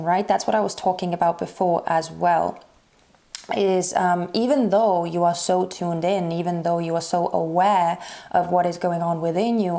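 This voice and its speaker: Casting: woman tarot reader, lower-pitched mellow voice, hesitant and full of fillers. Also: creaky. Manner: halting, searching for words with many fillers. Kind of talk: casual tarot reading to viewers.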